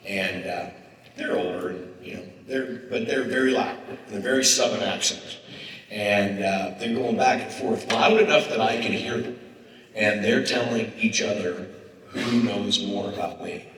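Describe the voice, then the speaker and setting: A man from northern California, the keynote guest speaker, telling stories on stage in an animated, emphatic way. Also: fairly low pitch, a little slow, a little hiss or hum. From Humboldt, northern California. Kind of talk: onstage conversation with an interviewer. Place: large conference hall. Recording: echoey hall, picked up from far off.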